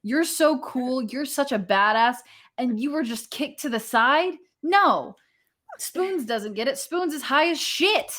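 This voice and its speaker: A woman's voice: high voice, expressive, a little slow, fairly bright tone. A woman narrating as game master, casual and salty, swearing freely. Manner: casual, profane, laughing often.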